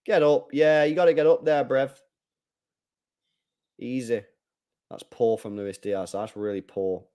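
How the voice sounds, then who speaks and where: A man hosting a live football watchalong, chatting casually, reading viewer comments and getting loud when play heats up. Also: medium pitch, a little slow, smooth. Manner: chatty, swings from mumbling to excited shouting. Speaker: live stream host.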